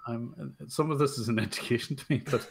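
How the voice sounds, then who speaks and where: A man's voice: mid-range voice, fast, vocal fry, crowd noise. A man on a casual livestream, giving easygoing remarks while chuckling. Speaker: livestream guest.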